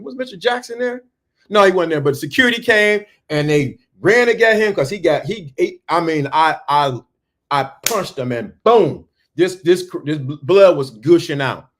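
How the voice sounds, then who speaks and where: Man telling a story, lively voice, fairly high, stammers and restarts. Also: normal speed. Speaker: speaker. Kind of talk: storytelling talk.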